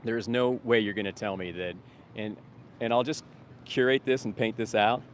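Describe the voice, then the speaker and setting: A middle-aged man livestreaming outdoors as a street activist, talking casually and bluntly to his viewers, ranting and swearing freely and calling out loudly to passersby. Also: lowish voice, steady tone, normal speed, a little hiss or hum. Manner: calls out to passersby in a loud upbeat voice.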